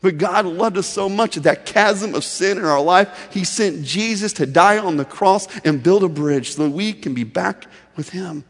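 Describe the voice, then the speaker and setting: A male pastor preaching a sermon in a storytelling way, swinging from loud emphasis to soft, intimate delivery. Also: high voice, moderate pace, few pauses, big-room sound.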